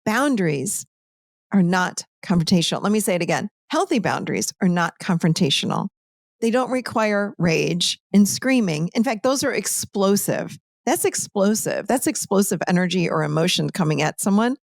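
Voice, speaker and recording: A woman's voice: medium pitch, animated, normal speed, gravelly, no echo, studio quality. A woman coach talking emphatically in a casual interview, repeating her points for stress.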